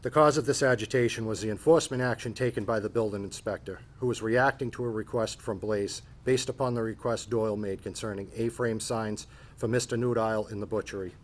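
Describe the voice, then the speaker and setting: A man chairing a town board meeting, reading findings of fact in a measured, formal and procedural way. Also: fairly low pitch, steady tone.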